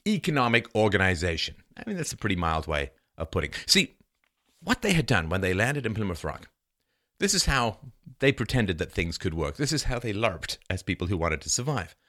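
A man's voice: on the low side, pushed and bright. A man hosting a podcast, giving a sarcastic history monologue and reading old quotes in a dramatic way. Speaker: podcast host.

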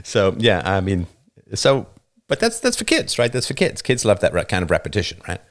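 A man's voice: fairly low pitch, huge pitch swings, a little fast. A man hosting a livestream, talking in a casual, emphatic monologue into a studio microphone and often tagging his points with "right?". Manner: emphatic, keeps asking "right?". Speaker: livestream host. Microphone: new studio microphone.

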